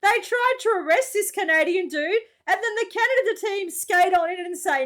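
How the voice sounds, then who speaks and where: A woman's voice: very high voice, moderate pace, few pauses, a bit bright. An Australian woman hosting a reaction video, talking casually and exclaiming often in slangy chat.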